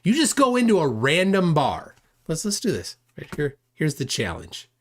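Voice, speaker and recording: Male stream host, lively indignant commentary, tag questions. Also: on the high side, moderate pace. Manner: indignant, reads chat aloud, frequent "right?". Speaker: livestream host. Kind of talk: casual commentary on a clip.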